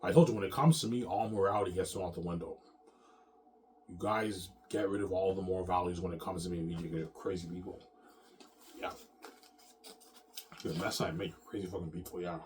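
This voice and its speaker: A low-voiced man rambles on in a loose monologue, cursing often and circling back over the same points. He tacks "man" and "yeah" onto his lines, and a faint hiss sits underneath. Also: steady tone, brisk, long pauses. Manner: profane, repetitive, ending lines with "man" and "yeah". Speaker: vlogger.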